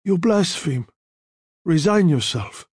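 A man's voice: very high voice, expressive, very slow, gravelly, dark tone, husky, no room sound, studio quality, pitched above the performer's own voice, heavily acted. A man reading a book aloud, voicing a grave, comforting old crime boss. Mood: cold.

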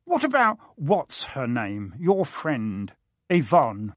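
A man voicing a blustering, bullying middle-aged uncle who speaks slowly and heavily. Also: a little high, wildly swooping pitch, a bit bright, dry recording, studio quality, heavily acted. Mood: grumbling. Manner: slow, heavy, threatening.

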